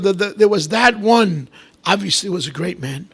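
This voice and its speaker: A man preaching as a rabbi, telling stories in an animated way, swinging between loud bursts and hushed asides, with Hebrew and Aramaic terms mixed in. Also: high voice, normal speed, slightly rough. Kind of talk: storytelling sermon.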